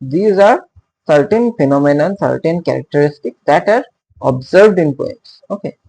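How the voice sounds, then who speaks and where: A man teaching poetry meter in a lecture, speaking haltingly with many fillers and frequent "okay" checks, and sounding out stress patterns aloud. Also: fairly high pitch, animated, gravelly, dark tone, low-quality recording. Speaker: literature teacher. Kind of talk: explanatory lecture.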